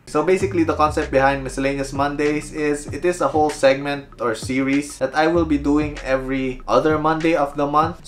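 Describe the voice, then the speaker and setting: A man's voice: mid-range voice, a little hiss or hum. A young man from the Philippines with a Filipino accent, chatting playfully and poking fun at himself while answering viewer questions in a casual vlog. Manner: playful, self-mocking, chatty. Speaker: architecture video creator.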